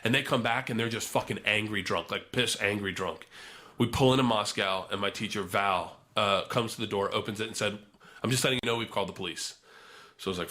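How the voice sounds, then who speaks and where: A man's voice: fairly low pitch, fairly quick. A young man telling a wild story in casual podcast chat, swearing freely and acting out the other people's voices. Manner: animated, profane storyteller who acts out voices. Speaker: podcast guest.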